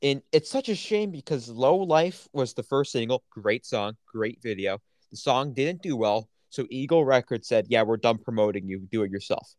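A man's voice: mid-range voice, moderate pace, few pauses, darkish tone, no echo. Enthusiastic man on a podcast, very dry sound. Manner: enthusiastic, opinionated, lots of fillers. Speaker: podcast co-host. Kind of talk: casual chat.

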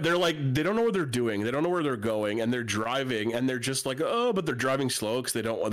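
A man's voice: mid-range voice, a bit bright. A man from Canada telling a rambling, profane anecdote in casual podcast chat, laughing as he goes. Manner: profane, rambling, laughs through his story. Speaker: podcast co-host.

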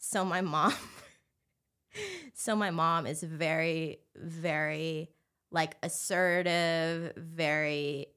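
Woman, young adult, from California, slightly low pitch, chatty, laughs a lot, recorded in a studio. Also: expressive, very slow, fairly bright tone. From Anaheim, California. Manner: chatty, laughs often, lots of "like". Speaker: podcast guest. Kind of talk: casual chat.

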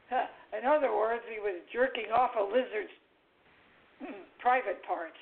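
Gravelly man joking on a phone line. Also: very high voice, moderate pace. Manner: jokey, playful storytelling. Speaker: co-host. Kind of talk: casual chat, reading a joke aloud. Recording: phone-line internet radio call.

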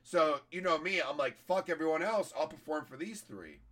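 A hoarse-voiced man, a comedian, telling a story in casual, profane podcast chat. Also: on the high side, animated, normal speed, a bit bright.

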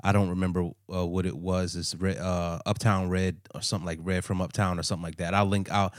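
A man's voice: low-pitched, level tone, quick pace, no echo, studio quality. A man co-hosting a podcast, telling stories in a loose, rambling way with lots of fillers. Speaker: podcast co-host. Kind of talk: casual chat.

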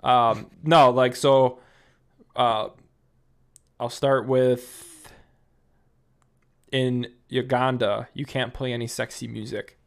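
A man's voice: mid-range voice, steady tone, takes it slowly, gravelly, pauses often, smooth. A man co-hosting a casual podcast chat, rambling with lots of fillers while reading out odd rules. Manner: rambling, filler-heavy, reads rules aloud. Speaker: podcast co-host.

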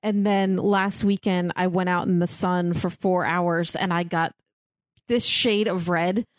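A woman's voice: fairly low pitch, steady tone, measured pace, no echo, studio quality. Crude, joking woman podcast co-host. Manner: crude, joking, laughing often. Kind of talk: casual chat.

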